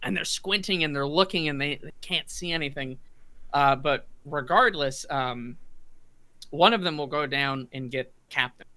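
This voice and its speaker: A man narrating as game master of a tabletop game, halting with restarts and throat clearing. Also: on the high side, sharp tone, no room sound.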